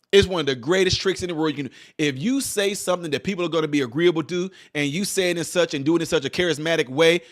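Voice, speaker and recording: A man giving a preachy commentary monologue full of rhetorical questions. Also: on the high side. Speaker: political commentator. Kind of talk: animated monologue.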